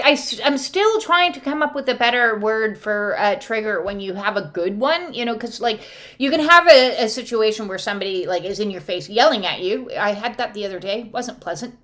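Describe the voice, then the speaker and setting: Her tone is fairly bright and pitched high as she pulls oracle cards and chats loosely to the camera. She rambles, leans on lots of fillers, and now and then squeals when quoting voices.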